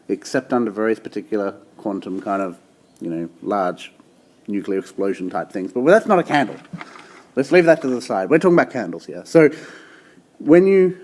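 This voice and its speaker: A male teacher explaining a topic in a relaxed, chatty way, often checking in with the listener and restarting his sentences. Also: lowish voice, normal speed. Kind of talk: casual classroom explanation.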